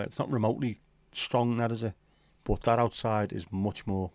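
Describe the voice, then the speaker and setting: A man's voice: fairly low pitch, fairly even intonation, normal speed, a little mellow, dry recording. Crude, bantering man hosting a livestream. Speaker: livestream host. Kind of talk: casual chat reading viewer comments.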